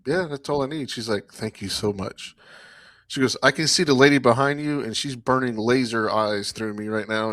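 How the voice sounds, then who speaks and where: A man from South Carolina spins a lively anecdote, jumping between his own lines and everyone else's as he acts out the scene. His voice sits at an ordinary middle pitch. The recording is close and dry, with no room sound around it. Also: dry recording. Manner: animated storyteller acting out both sides of dialogue. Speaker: podcast co-host. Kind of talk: casual chat.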